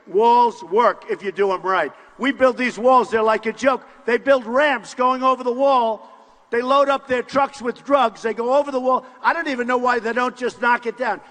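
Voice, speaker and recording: An older man giving a boastful, repetitive campaign rally speech in short punchy phrases, often shouting to the crowd. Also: very high voice. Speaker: political candidate at a rally. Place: large university hall with crowd. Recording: long hall reverb from a live rally.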